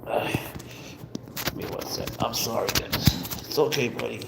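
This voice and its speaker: A man's voice: mid-range voice, fairly even intonation, a little slow, gravelly, very noisy. A man hosting a casual live stream, talking playfully and coaxingly to his pet cat and calling it bro. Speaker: pet owner and channel host.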